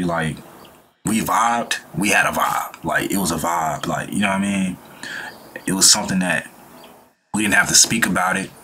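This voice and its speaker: With a fairly low voice and a sharp tone, this man hosts a casual reaction video against slight background noise. His talk is relaxed and full of slang as he preaches about life and good vibes, imitating quoted people in different voices.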